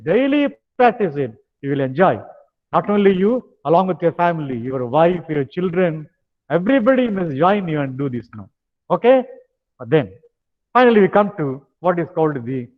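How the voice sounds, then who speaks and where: An older man with a Tamil accent leading a stress management lecture, tagging phrases with "now" and pausing on hesitant fillers. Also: high voice. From India. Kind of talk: lecture with guided exercises. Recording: dull sound with long hall reverb.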